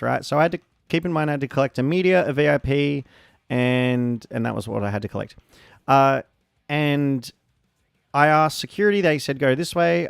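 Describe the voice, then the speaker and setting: A man streaming a game, chatting casually and excitably, greeting viewers and reacting loudly to the action. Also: mid-range voice, vocal fry, clear, resonant tone, dry recording, clean studio sound. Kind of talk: casual live-stream chat while gaming.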